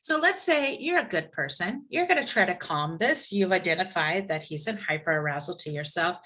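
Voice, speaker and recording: Woman instructor, bright clear voice, chatty storytelling teacher on a video call. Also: fairly low pitch, moderate pace. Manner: conversational, lively storytelling with asides. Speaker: class instructor. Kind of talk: live online class.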